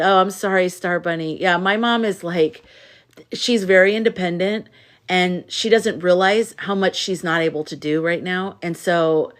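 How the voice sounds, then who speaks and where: Woman livestreamer, worn out, frustrated venting between shout-outs. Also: mid-range voice. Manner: venting, frustrated and weary, thanks viewers by name. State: exhausted. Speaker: live streamer. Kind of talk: casual livestream chat.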